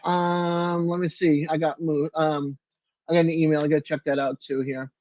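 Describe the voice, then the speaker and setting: A man's voice: on the high side, level tone, normal speed, darkish tone, dry recording, muffled recording. An older man hosting a casual livestream from his apartment, answering viewers by name in a chatty way. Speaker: livestream host.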